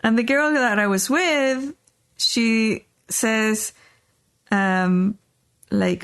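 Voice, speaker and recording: A woman's voice: a little high, extremely slow, pauses often, fairly bright tone, clean tone. A middle-aged woman hosting a podcast, telling a personal story in a loose, rambling way with lots of fillers and restarts. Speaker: podcast host. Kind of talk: casual storytelling chat.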